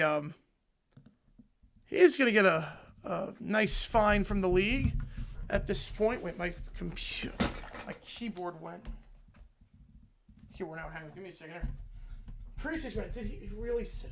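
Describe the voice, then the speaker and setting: A young man hosting a football reaction livestream from his home desk, reading viewer messages aloud in an excited, rambling way. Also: sits high, normal speed, vocal fry, long pauses. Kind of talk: live stream chat reading donations. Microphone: desk mic with headphones.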